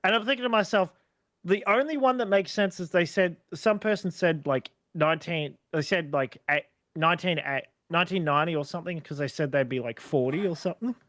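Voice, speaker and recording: A man's voice: a little high, a little fast, fairly bright tone, no room sound. A man, co-hosting a casual podcast chat, chatty and rambling with frequent laughs and restarts. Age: 30s. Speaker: podcast co-host.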